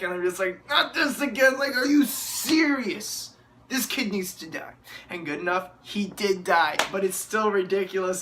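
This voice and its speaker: Bright-voiced, sarcastic, rambling TV reviewer. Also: medium pitch, slight background noise. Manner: rambling, sarcastic, chuckles often; searching for names, frequent fillers. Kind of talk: casual spoken TV episode review.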